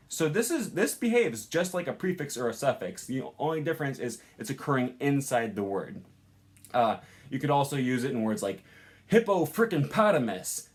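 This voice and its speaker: A young man teaching a casual language lesson, chatty and informal, with many ums and uhs. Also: medium pitch. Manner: chatty, lots of ums and uhs, laughs at own examples.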